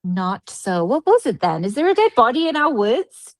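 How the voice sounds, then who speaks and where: A woman co-hosting a podcast in casual chat, telling stories with lively energy and plenty of swearing. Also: fairly high pitch, normal speed, no room sound. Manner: animated storyteller, swears freely. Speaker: podcast co-host.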